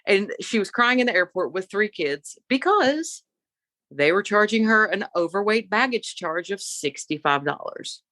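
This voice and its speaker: A middle-aged woman co-hosting a podcast, telling a story in an animated, opinionated casual chat. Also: medium pitch, normal speed, dry recording. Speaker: podcast co-host.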